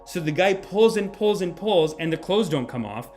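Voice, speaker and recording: A man's voice: on the high side, moderate pace, hardly any pauses, soft background music. A male podcast host and comedian telling a story as a riled-up, sarcastic, profane rant.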